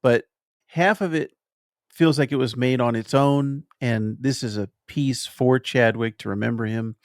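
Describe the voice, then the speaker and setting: A man hosting a podcast, chatting casually through a film review and pausing thoughtfully to find his words. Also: mid-range voice, fairly even intonation, no echo, clean studio sound. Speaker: podcast host.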